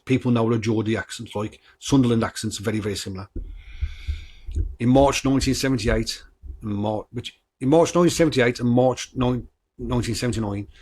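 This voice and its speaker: A man's voice: medium pitch, a little mellow, slightly rough. A man hosting a true-crime podcast, talking bluntly with swearing, stumbles and restarts, and reading from his notes. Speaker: podcast host.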